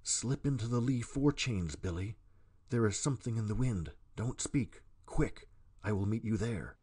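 A man voicing a sly, secretive male sailor who speaks in a quick, husky, hushed whisper, in a storybook reading. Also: mid-range voice, animated. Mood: furtive.

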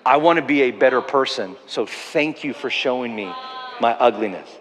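A man's voice: mid-range voice, lively intonation, normal speed, big-room sound. A man preaching a sermon as a pastor, earnestly telling stories with self-deprecating humor. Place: church auditorium.

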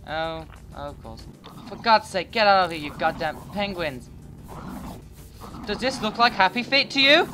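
Loud, excitable man yelling over game music. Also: sits high, moderate pace, long pauses. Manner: loud, profane, excitable outbursts. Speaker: gaming YouTuber. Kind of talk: game commentary.

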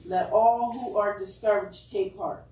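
A woman's voice: mid-range voice, fairly even intonation, measured pace, mellow. A woman reading scripture aloud at a Bible study, careful and correcting herself as she goes. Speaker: scripture reader. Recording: echoey room, distant mic.

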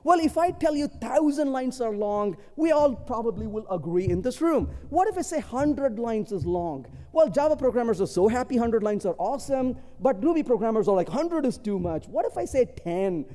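A man's voice: very high voice, moderate pace, few pauses. A man speaking at a conference, telling stories and tagging points with rhetorical questions. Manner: animated storytelling, rhetorical "isn't it?" tags. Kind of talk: conference talk with anecdotes. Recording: long hall reverb.

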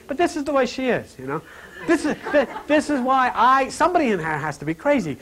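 A man hosting a spiritual talk program, telling rambling anecdotes with laughter and sinking to a hushed, slow voice on his spiritual points. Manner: animated storyteller, laughs through his stories; drops to a hushed, low, slow voice on spiritual lines.

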